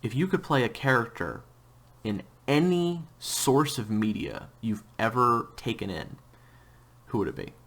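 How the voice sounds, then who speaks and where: A man's voice: mid-range voice, lively intonation, unhurried, fairly bright tone. A man hosting a casual interview about his audio drama, rambling a little as he asks questions. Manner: rambling, with frequent restarts and tangents. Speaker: host and audio drama creator.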